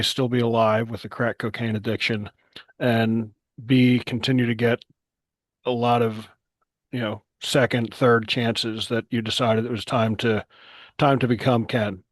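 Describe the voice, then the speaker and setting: A man hosts a podcast interview, feeling his way through long questions with many fillers. His voice is mid-pitched. The sound is dry and close. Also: no room sound. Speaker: podcast host.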